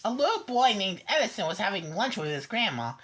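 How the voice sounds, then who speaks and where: A woman reading a children's picture book aloud slowly and expressively, with small stumbles. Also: mid-range voice, big pitch swings, a bit bright.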